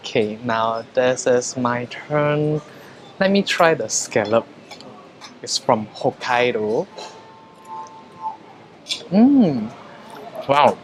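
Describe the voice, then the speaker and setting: Male vlogger, mid-pitched, casual review tone, lots of fillers; faint noise behind. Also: fairly bright tone. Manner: chatty, frequent hesitations and fillers. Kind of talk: casual food and hotel review.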